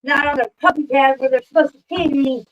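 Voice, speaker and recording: A woman streamer in casual livestream chat, ranting with lots of swearing and shouting at her pets. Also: high voice, fairly even intonation, a little fast, highs cut off.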